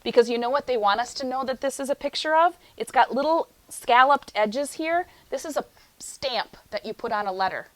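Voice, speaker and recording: A young adult woman teaching a phonics lesson to young children in an animated, sing-song teacher voice. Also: high voice. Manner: animated, sing-song teacher voice, slows for chanted poem lines.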